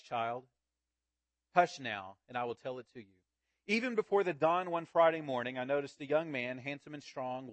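Man preaching in a slow dramatic read. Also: a little high, dry recording. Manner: slow, dramatic storytelling with wide swings in loudness. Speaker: pastor. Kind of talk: sermon, reading a story aloud.

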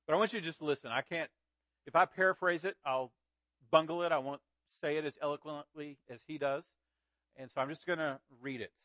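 A man preaching a sermon, reading a story aloud in a slow, dramatic way with big swings in loudness. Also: fairly high pitch, fairly even intonation, dry recording. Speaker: pastor.

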